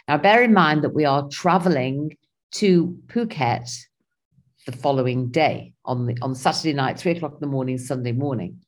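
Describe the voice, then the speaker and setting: A woman's voice: low-pitched, moderate pace. A woman, animatedly telling a personal travel story in casual conversation. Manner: animated, acts out her own and others' lines.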